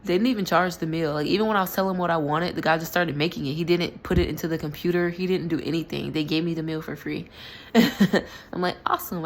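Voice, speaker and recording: A young woman with a notably low voice talks through a personal story in a loose, rambling way, stopping and restarting often. A faint hiss sits under the recording. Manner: rambling, filler-heavy, self-correcting. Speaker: spiritual vlogger. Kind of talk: casual storytelling monologue.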